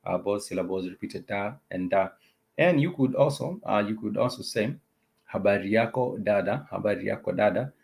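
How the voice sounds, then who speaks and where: A man with a low, gravelly voice teaches an informal language lesson. He says each word several times and fills the gaps with hesitant pauses. His delivery is patient and conversational. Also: darkish tone. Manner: repeats words and phrases slowly, many "uh" pauses. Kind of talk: casual spoken lesson.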